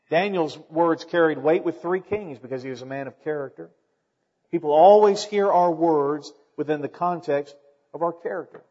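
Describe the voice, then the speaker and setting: A man preaching as pastor, his voice sitting high and pushing up into emphatic exclamations. The sound is dull and lo-fi, with a long reverb trailing off the church walls. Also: normal speed, a little mellow. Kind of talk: sermon.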